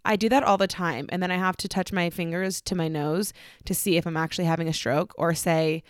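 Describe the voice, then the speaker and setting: A woman's voice: lowish voice, fairly even intonation, brisk, no room sound, studio quality. A young woman hosting her own podcast, talking chattily and bubbling over with enthusiasm, sometimes poking fun at herself. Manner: bubbly, chatty and self-deprecating. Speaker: podcast host. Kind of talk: solo podcast intro.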